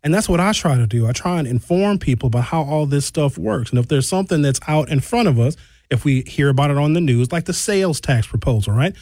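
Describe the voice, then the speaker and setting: Talk radio host, dry studio voice. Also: male voice, on the high side, expressive, fast talker, darkish tone, no room sound. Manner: conversational, reads listener texts and answers them directly. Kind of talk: call-in radio talk show. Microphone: studio microphone.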